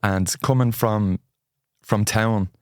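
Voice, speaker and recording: A Dublin-born comedian guesting on a podcast, chatty and self-mocking with quick asides. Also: male voice, lowish voice, steady tone, no echo, clean studio sound. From Dublin, Ireland. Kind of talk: casual chat.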